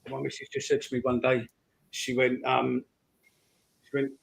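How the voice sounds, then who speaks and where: A man's voice: mid-range voice, monotone, normal speed, vocal fry, poor audio. A man co-hosting a fan call-in podcast, telling rambling stories in casual chat. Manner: rambling storyteller. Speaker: podcast co-host.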